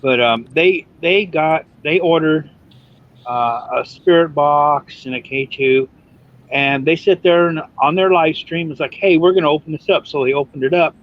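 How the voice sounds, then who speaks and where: A man telling a story in casual chat, animated and mimicking other people's lines. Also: a little high, unhurried. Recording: muffled lo-fi stream audio.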